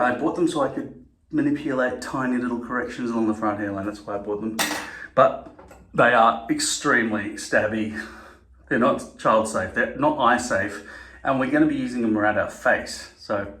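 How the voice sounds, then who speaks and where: A man's voice: medium pitch, fairly bright tone. A man talking casually to camera, rambling, swearing and correcting himself mid-sentence. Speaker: vlogger. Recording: echoey room.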